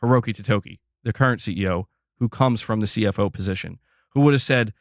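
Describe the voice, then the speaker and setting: A man's voice: lowish voice, quick pace, no room sound, clean studio sound. A man giving blunt, opinionated commentary on gaming news, emphatic and repeating himself as he pushes his point.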